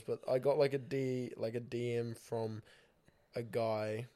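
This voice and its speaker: A man chats casually as a podcast guest in an easygoing, joking way. His voice is mid-pitched for a man. He often hesitates with "um" and "like" as he talks. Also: slow pace, pauses often, clean tone. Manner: relaxed, joking, hesitant fillers. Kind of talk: casual chat.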